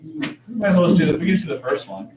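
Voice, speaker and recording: A man's voice: on the high side, sing-song, very fast, noisy background. Man teaching math, casual and joking, echoey classroom, recorded from across the room. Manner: joking, conversational. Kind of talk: classroom lesson. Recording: echoey classroom, distant mic.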